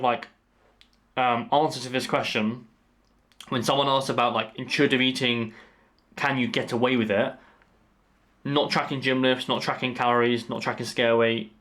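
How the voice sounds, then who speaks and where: A man's voice: mid-range voice, a bit bright. A young man talking casually to camera as a fitness coach, rambling with fillers and casual swearing. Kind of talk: casual vlog talk to camera.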